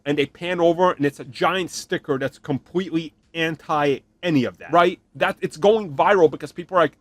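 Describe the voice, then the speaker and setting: Man, podcast host, animated opinionated rant, fairly high voice, dry close sound. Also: a little fast, hardly any pauses, no echo, faint music behind. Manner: animated, ranting, mocking voices in quotes. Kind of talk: opinionated solo commentary.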